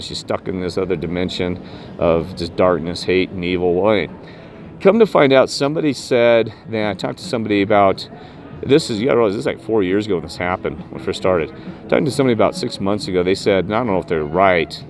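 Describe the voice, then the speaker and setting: A man vlogging a rambling personal story about spirits, emphatic and jumping up in pitch when he quotes himself. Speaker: paranormal vlogger.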